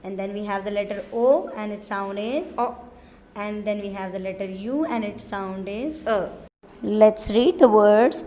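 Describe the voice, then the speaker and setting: A woman teacher giving an English lesson, deliberately repeating each word pair as a drill. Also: fairly high pitch. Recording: long reverberant room.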